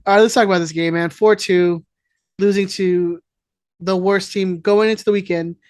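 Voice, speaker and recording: A man co-hosting a casual podcast, commenting in a deadpan, sighing way. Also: sits high, normal speed, clear, resonant tone, no echo, studio quality. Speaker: podcast co-host. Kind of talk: casual chat.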